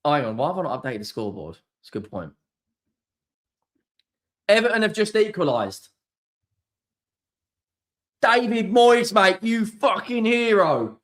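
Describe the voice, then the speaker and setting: A young man hosting a live football watchalong, excitable and sweary, swinging between shouts and mutters. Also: medium pitch. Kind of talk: live match watchalong reaction.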